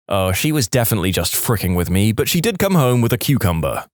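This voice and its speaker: Lively man reading stories. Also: lowish voice, a little fast, hardly any pauses, no room sound, clean studio sound. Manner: lively, playful storytelling with voiced quotes. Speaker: narrator. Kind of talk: reading online stories aloud.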